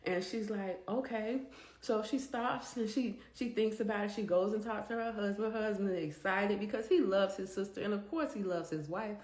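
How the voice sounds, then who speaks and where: A woman narrating a storytime vlog in an animated, conversational way. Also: medium pitch, fairly quick, few pauses. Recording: echoey room.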